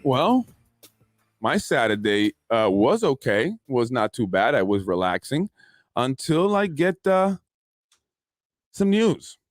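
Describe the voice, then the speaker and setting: A man's voice: medium pitch, sing-song, slow, long pauses, no echo, studio quality. A man hosting his own podcast, talking casually in an aggrieved, indignant, rambling way. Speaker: podcast host. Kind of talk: casual solo podcast monologue.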